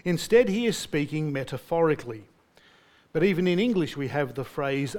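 A male pastor preaching a sermon with a slightly higher-pitched voice. He leans on direct rhetorical questions aimed at his listeners. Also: expressive, moderate pace, a little mellow.

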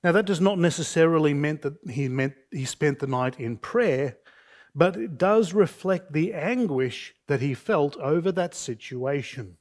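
Male preacher, somewhat high-pitched, unhurried, deliberate expository sermon. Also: expressive. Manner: deliberate, measured preaching with slow emphatic phrases; reads scripture aloud with raised pitch for quoted speech. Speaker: pastor.

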